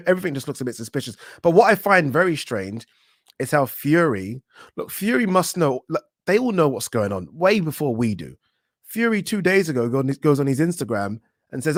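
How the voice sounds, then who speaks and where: A man hosting a boxing channel, chatting casually on a live stream, reading viewer comments aloud and reacting with frank, animated opinions and the odd swear. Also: on the high side, normal speed, no room sound, studio quality. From England.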